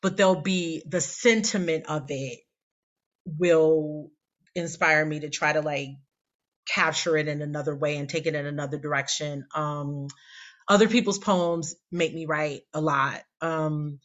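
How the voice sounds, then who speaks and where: A woman's voice: low-pitched, steady tone, unhurried, fairly bright tone, muffled recording. A woman in her forties, a poet guest telling a rambling, candid, self-deprecating story in casual interview chat. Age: 40s.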